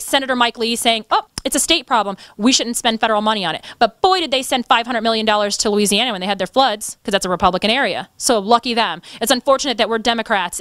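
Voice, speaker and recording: A woman's voice: fairly high pitch, fairly bright tone, dry recording. A woman activist speaking in an interview, impassioned and indignant. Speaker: activist guest. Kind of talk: interview conversation.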